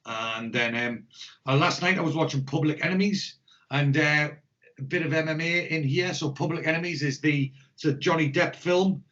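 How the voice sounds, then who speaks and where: A man's voice: fairly high pitch, moderate pace, a bit bright. An English man co-hosting a podcast, chatting casually and rambling with lots of swearing and jokes. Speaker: podcast co-host. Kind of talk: casual chat. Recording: dull lo-fi podcast audio.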